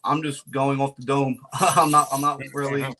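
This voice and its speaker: A man's voice: medium pitch, little pitch movement, moderate pace, background noise. Laid-back man chatting with fillers. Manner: laid-back, laughs often, many fillers. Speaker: guest reptile breeder. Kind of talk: casual podcast chat.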